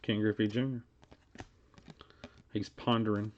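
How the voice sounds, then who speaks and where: A man's voice: fairly low pitch, little pitch movement, measured pace, a little mellow. Card break host: man, rambling stream chat over dull lo-fi audio. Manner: rambling, reads card names aloud between stories. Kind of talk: casual live-stream chat while opening card packs.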